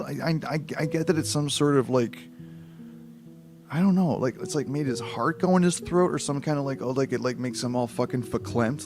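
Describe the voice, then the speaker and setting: A man live-streaming a book reading, breaking off into rambling, profane, incredulous asides. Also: mid-range voice.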